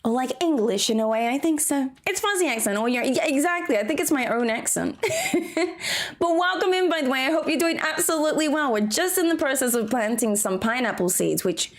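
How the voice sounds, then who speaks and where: A woman from Australia with a somewhat high voice gives casual gameplay commentary. She chats easily with her viewers and breaks into frequent giggles between moves. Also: expressive, brisk. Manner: chatty, giggly, talks to chat while playing. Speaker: game streamer.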